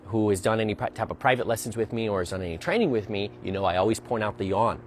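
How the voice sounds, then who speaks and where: A man's voice: lowish voice, animated, fast, a little hiss or hum. A man working as a dog trainer, explaining a training session outdoors as he goes and often checking in with "right?". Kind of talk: narrated training demonstration.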